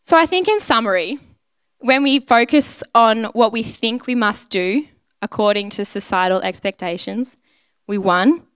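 A woman's voice: mid-range voice, a bit bright, smooth, dry recording. A woman giving a sermon in a conversational, earnest way, often voicing prayers aloud. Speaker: church speaker. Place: church.

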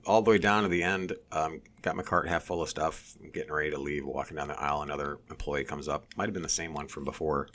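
A man telling a story in casual chat, animated and swearing, mimicking others in a high voice. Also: fast talker, few pauses.

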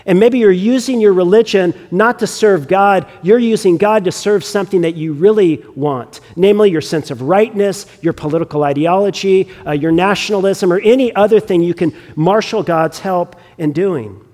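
A man's voice: high-pitched, normal speed, few pauses, darkish tone, big-room sound. A man preaching a sermon as a pastor, talking conversationally and often restarting and repeating words.

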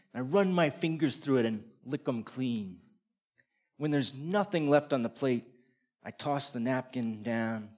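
A man's voice: on the high side, darkish tone. A man performing a first-person comic story, vivid and descriptive, building tension toward punchlines.

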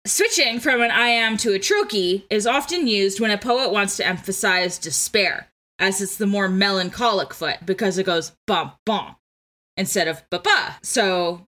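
Eager woman explaining poetry, bright tone. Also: mid-range voice. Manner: eager, explanatory, lots of filler "like". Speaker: podcast co-host. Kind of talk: casual chat with literary analysis.

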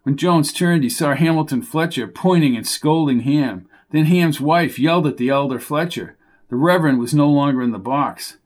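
A man reading a mystery story aloud as its narrator, with steady storytelling. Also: on the high side, moderate pace. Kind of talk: audiobook narration.

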